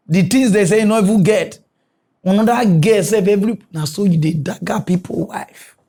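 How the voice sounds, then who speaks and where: A Nigerian man with a Nigerian accent giving animated, mocking comic commentary as a comedy news host. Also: moderate pace. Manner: animated, mocking, switches pitch a lot.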